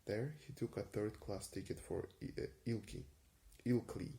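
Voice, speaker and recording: A man giving an unhurried ASMR reading of a vintage story, with frequent small hesitations. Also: fairly low pitch, creaky, warm tone. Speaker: reader.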